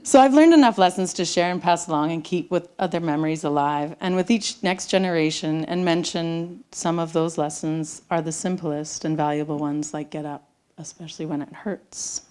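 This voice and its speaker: On a theater stage before an audience, a middle-aged woman with a slightly low voice shares a personal story live. Her delivery is intimate, at times sinking to a near-whisper, at a normal speed with a darkish, clean tone.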